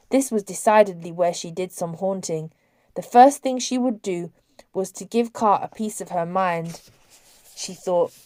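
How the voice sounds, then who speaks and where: Woman narrating fiction, measured and expressive, warm low tone, dry close recording. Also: no echo. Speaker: audiobook narrator. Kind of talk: novel reading.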